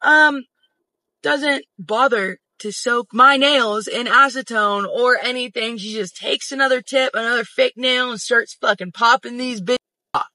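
Very high, bright-voiced man venting. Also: measured pace, dry recording. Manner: venting, emphatic, swears freely. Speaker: social media storyteller. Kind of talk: casual storytime monologue.

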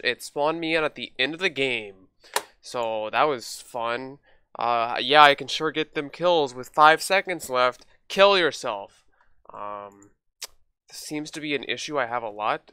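A man's voice: medium pitch, pushed and bright, smooth. A man hosting a gaming video, joking and trash-talking in casual commentary while he plays. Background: game gunfire and keyboard clicks.

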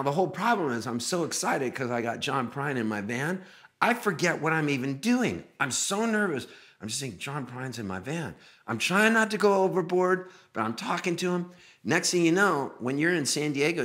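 A man's voice: a little high, normal speed. A middle-aged man, a musician guest, telling a long story in casual talk and acting out the dialogue as he goes. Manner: animated, acts out dialogue in his retelling.

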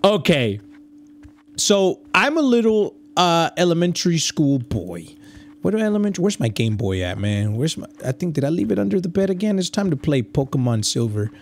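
A man's voice: fairly high pitch, very animated, moderate pace, a little hiss or hum. A man in his thirties doing let's-play commentary, joking and swearing, with Spanish slang thrown in. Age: 30s. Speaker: gaming YouTuber.

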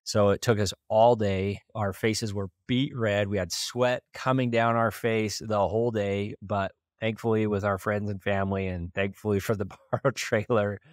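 A man's voice: on the low side, level tone, moderate pace, hardly any pauses, no echo, studio quality. A man from small-town Idaho, hosting a podcast and earnestly retelling a personal story with occasional chuckles. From small-town Idaho, USA. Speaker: podcast host.

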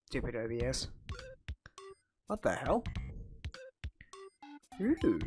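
A woman hosting a gaming video, giving casual commentary while she plays, excitable and blurting out reactions. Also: very deep voice, slow, pauses often, soft background music. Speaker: gaming channel host.

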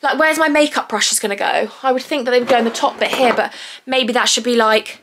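A woman's voice: fairly high pitch, fairly quick, fairly bright tone, slight background noise. A young woman chatting casually to camera at home, bubbly and rambling, a little out of breath. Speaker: vlogger. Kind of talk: casual vlog chat. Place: at home indoors.

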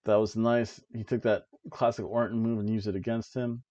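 A man's voice: fairly low pitch, flat delivery, moderate pace, dark tone, muffled recording. A man hosting a casual wrestling review show, rambling along and laughing at his own jokes as he sits at home. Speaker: podcast host reviewing wrestling. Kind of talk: casual chat. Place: home, seated in an old chair.

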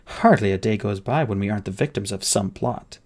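A man's voice: lowish voice, fairly quick, a little mellow, lightly acted. A man voicing a formal, precise teenage boy genius who speaks in clipped sentences. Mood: dry, formal.

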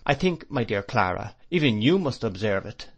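A man's voice: on the low side, sing-song, moderate pace. A man voicing a stern, disdainful spinster woman in an audiobook. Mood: cold disdain. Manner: sharp, disdainful. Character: harsh stern spinster sister.

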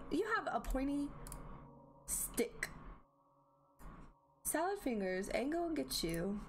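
A woman provides let's play commentary while playing a video game, chatting, thinking aloud, and reacting with gasps and laughs. Her voice is a little high, game music plays behind her, and there is slight background noise.

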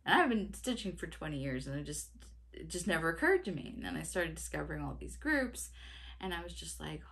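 Casual vlogger woman, 30s, lower voice with a bouncy, expressive pitch, chatty and giggly. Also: brisk, vocal fry. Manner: chatty, laughs often, restarts sentences. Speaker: cross-stitch vlogger. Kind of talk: casual chat.

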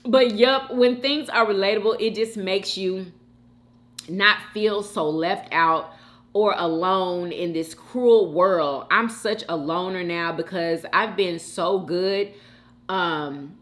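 A woman from Houston, hosting a mukbang and chatting warmly and emotionally with viewers in the chat. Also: mid-range voice, slow. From Houston, Texas. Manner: chatty and emotional, calls viewers girl and sis. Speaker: mukbang host reading live chat. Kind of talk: casual chat.

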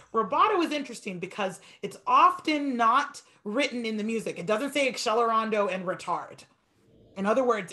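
A woman piano teacher giving an online masterclass, talking fast and encouraging her student. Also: fairly high pitch, a bit bright.

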